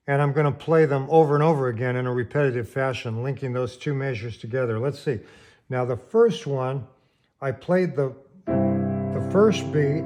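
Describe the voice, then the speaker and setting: This is a man's piano lesson: he counts aloud while playing and explains rhythm plainly. His voice sits in the middle range with a darkish tone, and piano can be heard under it.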